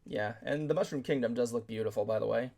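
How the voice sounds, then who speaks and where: A man with a gravelly, fry-laden voice chats casually on a podcast, speaking offhand as he thinks aloud. His pitch sits in an ordinary middle range. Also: quick pace, dark tone. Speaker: podcast co-host. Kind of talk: casual chat.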